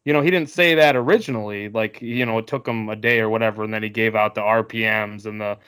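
A man's voice: on the low side, fairly even intonation, quick pace, fairly bright tone, smooth. Rambling man in casual sports talk. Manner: rambling, many fillers and restarts. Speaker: podcast co-host.

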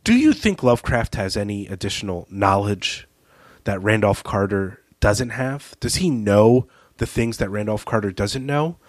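A male podcast host with a low voice who discusses writing thoughtfully and often pauses to search for words. His tone is casual. The recording is dry and close. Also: lively intonation, no room sound. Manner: thoughtful, hesitant, with fillers and laughs.

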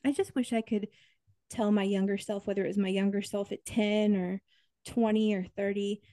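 A woman in her thirties hosting a podcast interview, earnest and expressive, with upbeat affirmations. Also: medium pitch, moderate pace, no room sound. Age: 30s. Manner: earnest, expressive, upbeat, tearful while reading aloud. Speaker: podcast host. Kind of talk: interview conversation.

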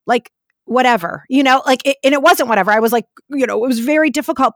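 A woman in her forties telling her life story in an interview, an animated storyteller who often says "like". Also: on the high side, no echo, studio quality. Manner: animated, vivid storyteller with frequent "like" fillers.

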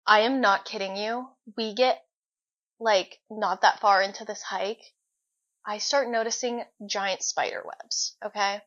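A young woman co-hosting a podcast, telling a story in an animated, dramatic way. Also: medium pitch, unhurried. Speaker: podcast co-host. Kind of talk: casual chat. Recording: dull lo-fi recording.

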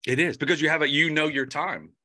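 Male interview host, bright forward voice, rambles and restarts as he thinks aloud. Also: a little high, fast. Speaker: podcast host. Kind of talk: casual interview chat.

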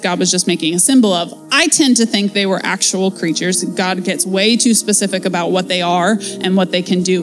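A woman giving a casual, conversational devotional Bible teaching in a chatty, playful way. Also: mid-range voice.

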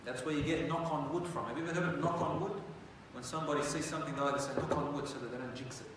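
A man with a slightly high voice speaks in rapid bursts, teaching religious history as a conversational, story-driven lecture and frequently posing rhetorical questions to his listeners. He was recorded from a distance in an echoey hall, with faint background noise.

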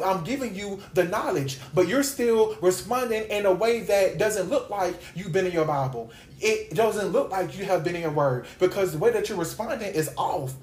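A woman hosting a podcast Bible study, teaching in an informal devotional style with an emphatic, repetitive preaching cadence. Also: mid-range voice. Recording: echoey room.

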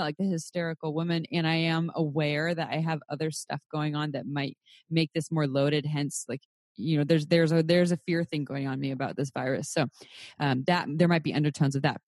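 A young adult woman hosting a podcast in casual chat, animated and cursing, her pitch jumping sharply. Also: no echo, studio quality. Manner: animated, swearing, quick pitch jumps. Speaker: podcast host.

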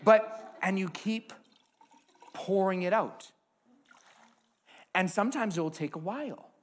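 A man preaching a sermon with an object lesson, swinging between hushed asides and loud emphasis. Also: sits high, measured pace.

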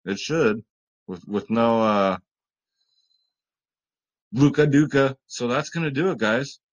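A man's voice: medium pitch, slow. A man casually talking through fantasy basketball picks in a rambling, joking way, often addressing viewers as guys. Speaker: fantasy sports vlogger. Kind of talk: casual sports betting picks talk.

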